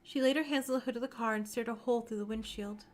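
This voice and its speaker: A woman's voice: a little high, fairly even intonation, quick pace, slight background noise. A woman streamer reading a visual novel's narration aloud on a live stream, with small slips and self-corrections.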